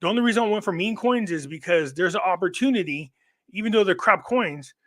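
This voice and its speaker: A guest on a live online show chats casually, telling long, rambling stories and often restarting his sentences. His voice sits high and is a bit bright, expressive, and brisk.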